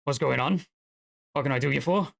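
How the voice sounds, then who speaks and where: A man's voice: medium pitch, a little fast, creaky, a bit bright, pitched above the performer's own voice. A man voicing an elderly, scarred male dwarf blacksmith who speaks bluntly and in clipped phrases while he haggles. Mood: gruff.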